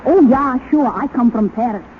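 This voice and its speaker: A chirpy young French maid, as a woman puts her on, loud and eager in a high, swooping voice. She comes through a thin, phone-like 1930s radio broadcast. A clear layer of hiss sits under her. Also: lively intonation, moderate pace.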